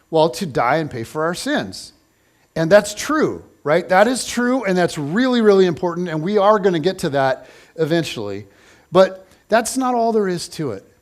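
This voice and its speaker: A man preaching a casual, conversational sermon, playful and chatty, acting out little scenes. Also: high voice. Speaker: pastor.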